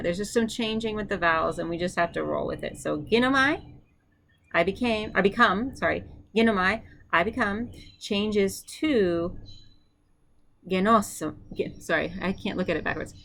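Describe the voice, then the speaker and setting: A woman's voice: lowish voice, vocal fry, a bit bright. A woman teaching a recorded language lesson. She drills word forms and explains as she goes, upbeat and encouraging, with fillers as she thinks aloud. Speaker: Greek teacher.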